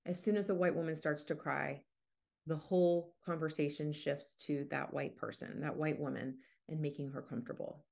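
A woman talks through ideas on her podcast in a thoughtful, unplanned monologue, often restarting mid-thought. Her low voice is gravelly and a little mellow, steady in tone at a moderate pace.

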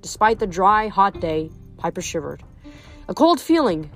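A woman's voice: medium pitch, very animated, a little slow, faint music behind. A young woman reading a novel aloud, then chatting casually about it with fillers. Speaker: reader.

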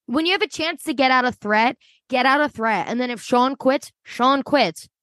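A woman with a fairly high voice chats about a reality show in loose, emphatic slang. The recording is dry and close, with no room echo. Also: moderate pace, fairly bright tone. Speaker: podcast co-host. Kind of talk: casual reality TV recap chat.

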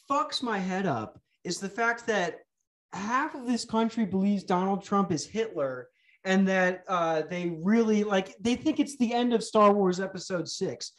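A man's voice: high-pitched, a bit bright. A young man hosting a podcast, ranting sarcastically and swearing freely. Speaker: podcast host. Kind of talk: profane comedic podcast rant.

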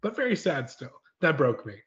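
A man guest-hosting a podcast, chatting in an animated way and laughing easily. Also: fairly high pitch, normal speed. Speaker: guest host. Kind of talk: casual chat. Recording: dull lo-fi audio.

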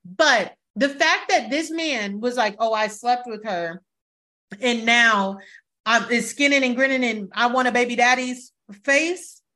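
Woman podcast host, bright high voice, blunt and sweary, acts out quotes. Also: measured pace. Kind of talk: casual chat.

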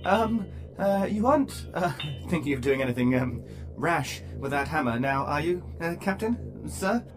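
A brash, foul-mouthed ship computer, as a man puts it on in a comedy audio play, hurling crude insults. His pitch swings widely, and faint music plays behind him. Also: expressive, moderate pace, natural voice. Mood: nervous. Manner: brash, trades crude insults, turns meek when threatened.

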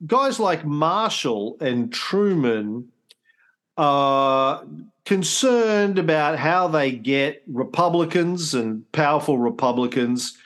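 A man co-hosts a casual history podcast, explaining events slowly with restarts and dry jokes. His voice is fairly high and fairly bright, with lively intonation.

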